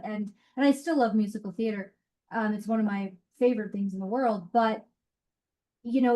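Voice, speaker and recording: A woman's voice: on the high side, a little mellow. A woman funeral director answering interview questions in a frank, matter-of-fact way. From Colorado. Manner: frank, matter-of-fact, speaks her mind. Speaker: funeral director and mortuary educator.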